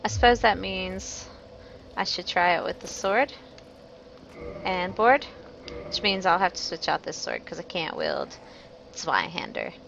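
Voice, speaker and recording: A woman's voice: mid-range voice, unhurried, creaky, pauses often, a bit bright, highs cut off, slight background noise. A woman streaming a game, chatting casually with viewers and joking about her own play. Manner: chatty and self-mocking, greeting chat viewers. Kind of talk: casual gameplay commentary.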